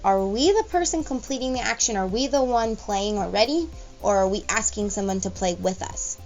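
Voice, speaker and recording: Patient woman teacher, slow examples. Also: mid-range voice, a little mellow. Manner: patient and explanatory, stretching example sentences slowly. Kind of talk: recorded grammar lesson for young students. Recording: dull lo-fi recording with faint music.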